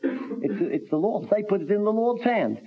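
An earnest man preaches a measured sermon, reading scripture in old-fashioned wording. His voice sits a little high. The sound is dull and lo-fi, like an old radio broadcast. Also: sing-song, crowd noise.

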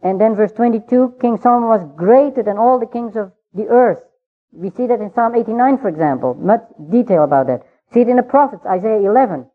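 Man teaching the Bible, tinny sound. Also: high voice. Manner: measured, unhurried, with frequent pauses and fillers. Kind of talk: verse-by-verse Bible study talk.

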